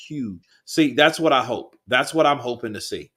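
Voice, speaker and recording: A man's voice: mid-range voice, lively intonation, normal speed, sharp tone, slightly rough. A man hosting a live boxing stream, reading viewer comments and chatting in a rambling, laid-back way with plenty of swearing. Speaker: livestream host.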